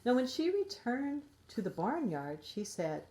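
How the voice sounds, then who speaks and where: A middle-aged woman reading a storybook to young children in a gentle, expressive way. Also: fairly high pitch, a little slow, hardly any pauses. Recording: roomy echo.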